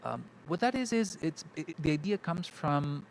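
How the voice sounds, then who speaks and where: A man's voice: on the high side, animated, moderate pace, gravelly, a little hiss or hum, rough recording. A man, an English teacher, explaining a pronunciation teaching method in an interview, thoughtful and restarting often as he models words.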